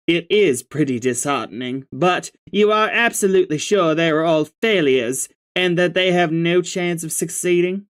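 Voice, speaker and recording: A reader voicing a prim, formal young female troll who speaks in a measured, genteel way. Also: mid-range voice, lightly acted. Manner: measured, genteel, says "I do declare".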